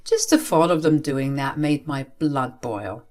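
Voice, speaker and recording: A woman narrating a first-person story aloud in an expressive, emphatic way. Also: sits low, unhurried.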